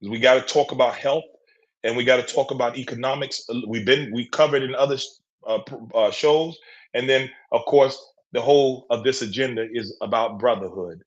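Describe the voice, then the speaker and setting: A man's voice: medium pitch, normal speed. Guy hosting an online call, keeps cheering folks on, kinda muffled lo-fi sound. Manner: encouraging, full of affirmations. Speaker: host. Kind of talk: casual group call.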